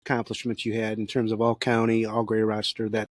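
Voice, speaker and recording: A man's voice: on the low side, monotone, fast talker, no echo, studio quality. Man steadily asking interview questions. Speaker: podcast host.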